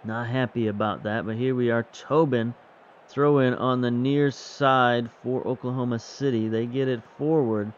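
Male gaming host, relaxed play-by-play, dry humor; muffled home recording. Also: mid-range voice, moderate pace, a little hiss or hum. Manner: wry, chatty, self-mocking. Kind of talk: casual play-by-play game commentary.

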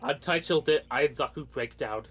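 A man playing games with a friend on a casual stream, excitable and prone to yelling at the game. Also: on the high side, normal speed, soft background music. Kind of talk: casual gaming stream chat.

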